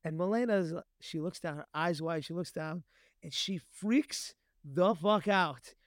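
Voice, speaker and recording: A man's voice: fairly high pitch, unhurried, dry recording, studio quality. A man in his thirties co-hosting a podcast, telling a family story in a casual chat and acting out voices as he goes. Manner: animated storyteller, acts out his kids' voices. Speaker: podcast co-host.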